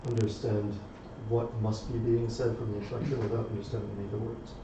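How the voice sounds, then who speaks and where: Low-voiced man objecting from afar. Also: flat delivery, fast talker, warm tone. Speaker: audience member. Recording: distant, echoey, noisy lo-fi room recording.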